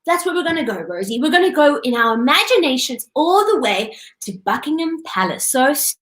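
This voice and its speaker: A woman's voice: sits high, sing-song, fairly quick, a bit bright. A woman hosting a children's show, talking in a hesitant, coaxing way. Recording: echoey room.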